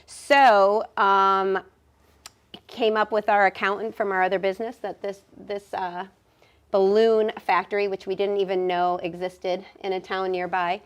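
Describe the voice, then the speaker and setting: A woman, speaking at a middling pitch. She answers questions in a measured, hesitant way, often pausing to find her words. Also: little pitch movement. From Northern Ohio, USA. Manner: measured, hesitant, lots of ums. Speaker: guest, business owner. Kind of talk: conversational interview answers.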